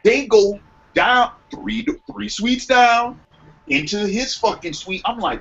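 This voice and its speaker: A young man telling a long story in casual podcast chat, profane and animated, acting out quotes. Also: high voice, takes it slowly, creaky, breathy edge. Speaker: podcast co-host. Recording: muffled lo-fi sound with faint noise.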